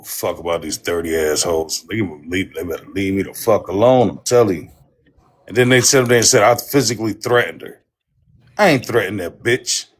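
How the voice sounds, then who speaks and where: A man's voice: deep voice, breathy edge. A man hosting a livestream, ranting angrily and swearing heavily, repeating himself as he tells his side of an online feud. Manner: heated, profane, repetitive. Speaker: livestream host. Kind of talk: angry livestream rant.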